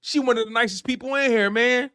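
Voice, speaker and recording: A man's voice: very high-pitched, quick pace, pushed and bright, smooth, no room sound, clean studio sound. A man hosting a live sports stream, delivering a repetitive, preachy rant in heavy slang. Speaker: sports show host.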